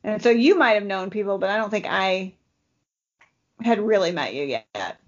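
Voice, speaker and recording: A female podcast co-host chats casually and rambles, dropping lots of fillers. Her mid-range voice is animated and moderately paced, and the audio has its highs cut off.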